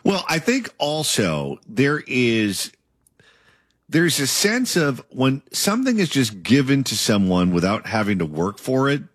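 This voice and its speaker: A man's voice: medium pitch, wildly swooping pitch, unhurried, no echo, clean studio sound. A man interviewing a political candidate and asking long, opinionated questions.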